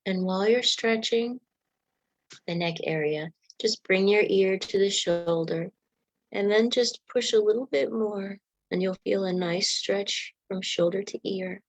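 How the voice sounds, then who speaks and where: A woman leading a guided meditation, coaching listeners gently through affirmations, yawns and stretches. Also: medium pitch, a little slow, no echo, poor audio. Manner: leads yawning and stretching exercises.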